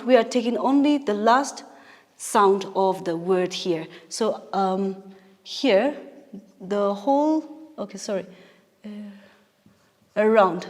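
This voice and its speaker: Woman English teacher, slow deliberate pace, patient step-by-step explaining, long hall reverb. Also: mid-range voice, a little mellow. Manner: patient, explains step by step with fillers and self-corrections. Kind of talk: recorded classroom lesson.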